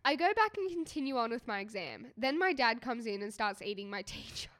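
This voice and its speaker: Young aussie woman giggling thru a podcast chat, high voice that jumps all over. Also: sing-song, brisk, a bit bright. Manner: giggly, bouncing between storytelling and laughter. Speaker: podcast co-host. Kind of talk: casual chat, reading a listener's dream.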